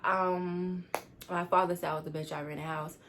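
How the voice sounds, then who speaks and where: Rushed, upset teen girl telling a story. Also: lowish voice, level tone, noisy background. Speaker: vlogger. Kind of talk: storytime vlog.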